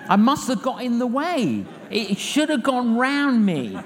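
Older preacher in a big hall. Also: male voice, extremely high pitch, unhurried. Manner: lively storyteller acting out dialogue, repeats phrases. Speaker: evangelist preacher. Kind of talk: sermon with humorous storytelling. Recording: long hall reverb with faint noise.

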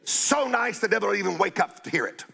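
Older man preaching a scolding sermon, high and gravelly, blunt with drawn-out shouted emphasis. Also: expressive.

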